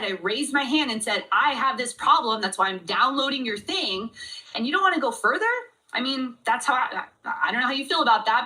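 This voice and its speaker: A woman coaching an online audience on a livestream, animated and talking straight to them, often acting out what a customer thinks. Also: fairly high pitch, distant mic, poor audio. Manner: animated, acts out customer thoughts, addresses audience directly. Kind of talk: livestream teaching talk.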